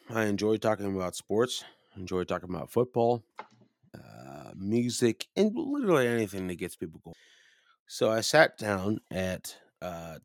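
A drunk man on a podcast with a low, gravelly voice that swings up and down as he tells a story. He swears constantly and rambles. The sound is dry and close. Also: no room sound. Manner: profane, loud, rambling, acts out the people in his stories. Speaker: podcast co-host.

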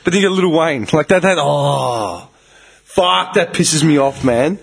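Australian guy, husky, animated delivery, sweary casual podcast banter. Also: fairly high pitch, a little slow. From Melbourne, Australia. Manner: swears constantly, laughs loudly. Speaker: podcast co-host. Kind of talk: casual banter among friends.

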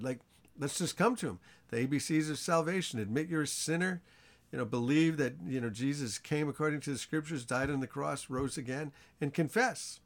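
A man teaching an informal Bible study sermon in a conversational way, asking his listeners questions and acting out the characters' lines. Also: moderate pace. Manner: animated storytelling, acts out the characters' lines with rising pitch.

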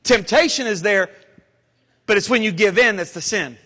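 A man pastor preaching a sermon, rising into emphatic, dramatic lines and pausing between phrases. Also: high-pitched, bright, forceful tone. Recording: long hall reverb.

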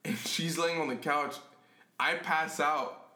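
A man's voice: on the high side, fairly even intonation, slow, pushed and bright. A young man co-hosting a podcast, telling a drunk story in casual, profane chat and often breaking into laughter. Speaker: podcast co-host. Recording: echoey room with faint noise.

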